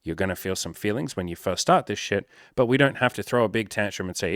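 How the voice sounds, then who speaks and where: A man giving blunt, profane, energetic dating-coach advice in a casual talk straight to the camera. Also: lowish voice, quick pace, few pauses, dry recording, clean studio sound.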